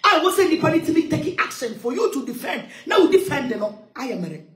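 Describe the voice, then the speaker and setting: A woman ranting loudly in a heated monologue, switching between English and Twi, with shouting and sing-song outbursts. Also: high voice, sing-song, fast, roomy sound. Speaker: social media commentator.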